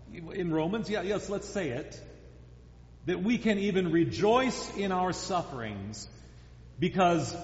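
Earnest male pastor in echoey hall. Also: a little high. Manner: earnest, emphatic preaching with repetitions. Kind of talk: sermon. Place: church sanctuary. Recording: echoey church hall, dull lo-fi sound.

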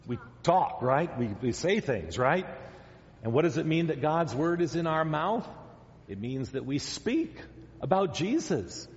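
Slow-speaking pastor coaxing children. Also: male voice, fairly high pitch, animated. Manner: gentle, questioning, coaxing children to answer. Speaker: pastor giving a children's message. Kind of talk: children's sermon. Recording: dull sound in a long-echo church hall.

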